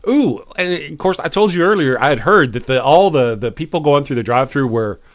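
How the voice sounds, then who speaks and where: Animated wry man hosting a live stream. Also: fairly high pitch. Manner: animated, chuckling, wry, quick after lots of coffee. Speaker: live-stream show host. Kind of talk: casual live-stream commentary, reading chat.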